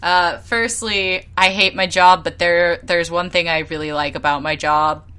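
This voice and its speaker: A young woman co-hosting a podcast, telling stories in a casual, animated way and laughing often. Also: fairly low pitch, measured pace, clean tone. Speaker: podcast co-host. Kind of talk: casual chat.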